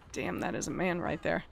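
A woman's voice: fairly low pitch, vocal fry, fairly bright tone. A woman streaming a game live, chatting casually with viewers in a playful, profane way. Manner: playful, profane, bursts into gasps and laughs. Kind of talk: casual live-stream chat while gaming.

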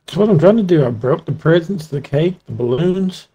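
Relaxed man, offhand gaming buddy. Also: fairly high pitch, normal speed, husky, muffled recording. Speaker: co-player. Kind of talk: casual chat while gaming.

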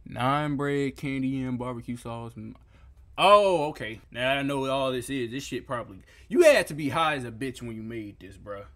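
A young man reviewing food photos in a comedic reaction rant, incredulous and profane, breaking into loud outbursts. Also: mid-range voice, lively intonation, normal speed.

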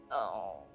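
A young woman with a high voice streams a video game, shrieking, swearing and laughing as things go wrong. Between the outbursts she talks to her chat at an unhurried pace, mocking herself. Faint music plays underneath. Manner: loud yelps, swearing and laughing reactions. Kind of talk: live gameplay commentary.

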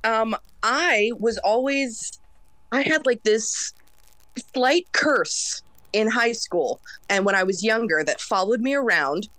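A woman in her thirties from the US East Coast, a singer chatting in an interview, quick, loud and intense. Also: fairly high pitch, animated, no room sound. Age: 30s. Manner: fast, loud and intense, by her own words. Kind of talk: casual interview chat.

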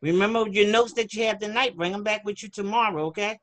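In a mid-range, fairly bright voice, a woman speaks fast as she runs a children's class on a video call. She keeps it casual, reading the chat aloud and offering chatty encouragement.

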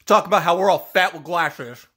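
A man's voice: sits high, moderate pace, bright, forceful tone, breathy edge. A man delivering an angry, profane, sarcastic rant as a wrestling fan vlogger, coughing now and then. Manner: sarcastic, mocking, swears a lot; coughs between phrases.

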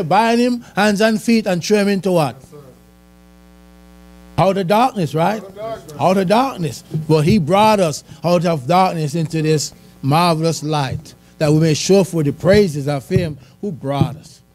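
A man's voice: high voice, a little mellow. A man giving a conversational church sermon, asking the congregation questions and chuckling. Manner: conversational, chuckling, asks the audience. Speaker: church speaker. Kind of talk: sermon testimony.

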